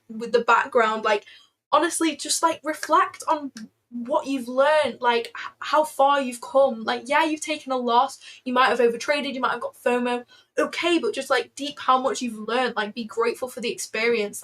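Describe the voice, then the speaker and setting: A woman's voice: on the high side, a bit bright. A woman hosting a casual trading livestream, chatting freely with lots of fillers and answering viewers as she goes. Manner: chatty, filler-heavy, answers chat aloud.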